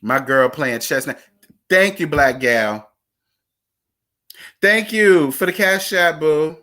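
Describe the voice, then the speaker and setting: Sassy aave-speaking guy spilling reality tv tea, bright higher voice, super dramatic. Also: animated, slow. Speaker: gossip vlogger. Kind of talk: casual reality-TV gossip chat.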